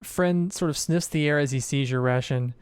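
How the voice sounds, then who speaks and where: A man acting as game master, narrating a tabletop game in a relaxed, descriptive way. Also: on the high side, moderate pace, clean tone, dry recording, clean studio sound.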